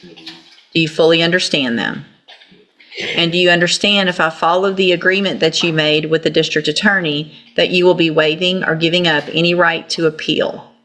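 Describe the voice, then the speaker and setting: A woman's voice: on the low side, steady tone, normal speed, a bit bright. Stern woman judge. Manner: stern, commanding, scolding. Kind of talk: courtroom proceedings.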